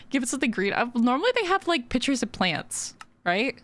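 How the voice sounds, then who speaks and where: A woman's voice: a little high, sing-song, normal speed. A woman streamer chatting casually while building in a game, giggly and full of fillers. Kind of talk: casual gaming stream chat.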